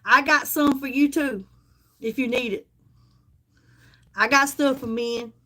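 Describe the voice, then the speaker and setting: A woman's voice: high-pitched, fairly even intonation, a little slow, a bit bright. A woman with a Southern US accent chatting folksily with viewers on a casual live stream, calling them honey as she sells.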